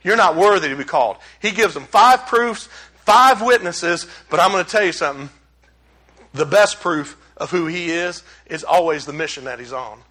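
Brief: man, middle-aged pastor, lively humorous sermon delivery, high bright voice. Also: moderate pace. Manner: animated, conversational preaching with humor. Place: church sanctuary.

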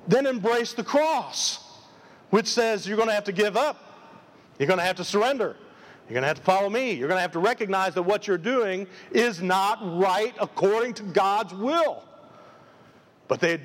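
A man preaching a live sermon as pastor, emphatic and full of repeated rhetorical questions. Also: high-pitched. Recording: long reverb of a large hall.

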